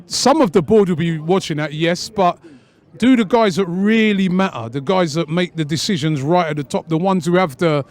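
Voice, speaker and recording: A man's voice: high-pitched, moderate pace. A man interviewing football fans, musing hesitantly.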